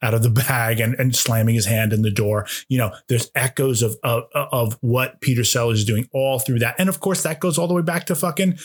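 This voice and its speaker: A man's voice: medium pitch, steady tone, a little fast, few pauses, breathy edge. A man co-hosting a casual film podcast, talking enthusiastically about comedy and swearing freely. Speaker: podcast co-host.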